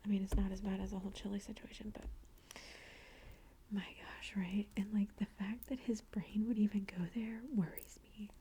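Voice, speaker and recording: Woman whispering a mellow ASMR ramble. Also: medium pitch, flat delivery, moderate pace, breathy edge. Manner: chatty storytelling, lots of "like" and "blah blah". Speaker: ASMR creator. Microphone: close ASMR microphone.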